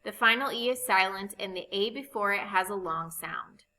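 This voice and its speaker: A woman teaching a recorded phonics lesson, explaining spelling rules slowly and patiently. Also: medium pitch, sharp tone, poor audio. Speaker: reading teacher.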